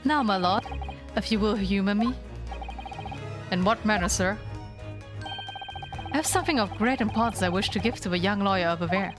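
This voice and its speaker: A woman's voice: mid-range voice, moderate pace, pauses often, close to an everyday voice. Woman reading as a grandiose frail detective. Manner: grandiose, long-winded phrasing. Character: eccentric theatrical male detective, frail. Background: game music.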